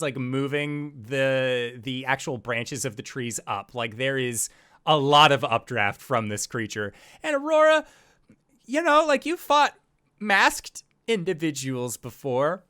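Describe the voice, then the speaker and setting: Slow-paced man narrating a tabletop game. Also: medium pitch, a bit bright. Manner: slow, loose narration with many fillers. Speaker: game master.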